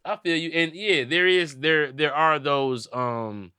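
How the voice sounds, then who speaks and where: High, bright-voiced man joking on a podcast. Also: slow, smooth, no room sound, clean studio sound. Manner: animated, acts out bits in loud put-on voices. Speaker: comedian and podcast host. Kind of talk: casual podcast banter.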